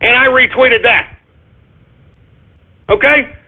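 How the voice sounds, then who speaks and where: A man's voice: extremely high pitch, fairly even intonation, slow pace, vocal fry. A man hosting a talk radio show, ranting in a combative, sarcastic and repetitive way. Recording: tinny phone-like lo-fi audio.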